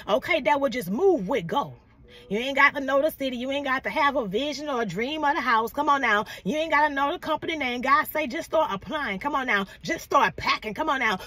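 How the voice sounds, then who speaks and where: A woman's voice: high-pitched, pushed and bright. A woman preaching a prophetic word in a fervent call-and-response manner, often repeating "come on now" and calling listeners "baby".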